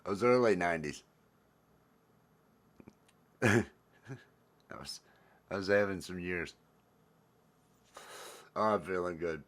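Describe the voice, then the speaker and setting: Laid-back low-voiced man. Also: takes it slowly, long pauses, fairly bright tone. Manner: laid-back, rambling, repeats phrases, greets viewers by name. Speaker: livestream host. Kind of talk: casual livestream chat.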